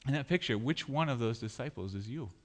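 Animated man preaching a sermon. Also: mid-range voice, fast. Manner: animated, acts out panicked voices. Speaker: pastor.

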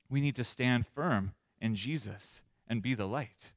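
A man pastor preaching a sermon in an animated way, moving between loud emphasis and soft asides. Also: medium pitch, a little slow, dry recording.

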